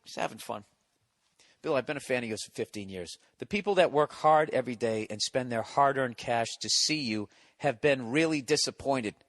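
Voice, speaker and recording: A man in his forties with a sore throat rants through a comedic podcast monologue, profane and sarcastic. His voice is mid-pitched and close to the mic in a dry, dead room. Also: moderate pace, fairly bright tone, no room sound. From United States. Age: 40s. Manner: profane, ranting, sarcastic storytelling. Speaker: podcast host.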